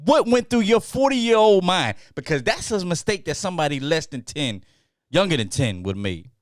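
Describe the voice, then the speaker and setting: A male podcast host who rants in a lively, up-and-down voice, sitting a little high for a man. He repeats phrases for emphasis and works himself up. The sound is close and dry, with no room around it. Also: moderate pace, no echo. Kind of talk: casual podcast chat. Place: studio table with co-hosts.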